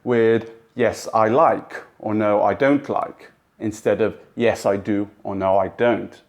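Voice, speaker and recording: A man narrating a language lesson in a clear, measured, instructive way. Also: fairly low pitch, steady tone. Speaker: language teacher. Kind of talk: scripted explanatory narration.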